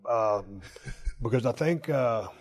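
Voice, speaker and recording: A man hosting a podcast, telling a story with animated, profane energy and bursts of laughter. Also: mid-range voice, takes it slowly. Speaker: podcast host. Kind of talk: casual interview chat.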